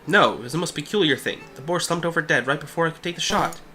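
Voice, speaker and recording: A man's voice: on the high side, fast talker, sharp tone, faint music behind, voice pushed up. A man reading a boastful hunter's lines in a self-assured storytelling manner. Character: boastful male hunter telling a tale.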